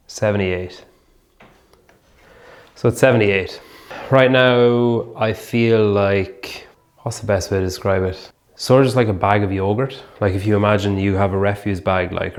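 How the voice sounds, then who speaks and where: A man's voice: fairly low pitch, steady tone, a little slow. A young man chatting casually as a podcast host, rambling and filling his sentences with "like". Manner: rambling, heavy use of "like". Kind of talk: casual vlog chat.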